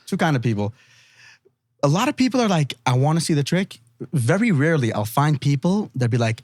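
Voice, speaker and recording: A man's voice: fairly high pitch, quick pace, dry recording. A man guest, a magician, chatting casually on a podcast and acting out quoted people with lots of laughter. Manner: animated storyteller, acts out quotes, laughs often. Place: studio.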